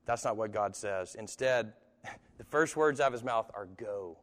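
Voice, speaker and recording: A man's voice: medium pitch, moderate pace, a bit bright. A man preaching a live sermon to an audience, talking conversationally with sudden emphatic rises and occasional chuckles. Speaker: pastor. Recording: long hall reverb.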